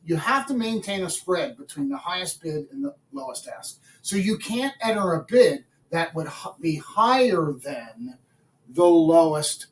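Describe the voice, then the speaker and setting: A man's voice: fairly high pitch, sing-song, a little slow, roomy sound. A man co-teaching an exam prep class who adds brief supporting remarks. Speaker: co-instructor. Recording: distant mic with faint noise.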